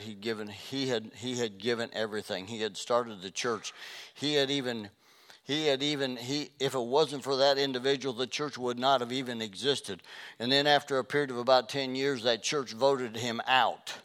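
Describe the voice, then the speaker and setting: A man preaching a sermon as a pastor, passionate and swinging between loud and hushed delivery. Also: mid-range voice, steady tone, moderate pace.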